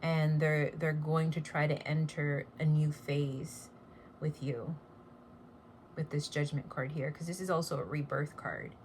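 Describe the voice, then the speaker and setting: A woman with a low-pitched voice talks through a tarot reading in a casual, blunt, chatty way. A faint background noise sits under the recording. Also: steady tone, a little slow, darkish tone. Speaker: tarot reader.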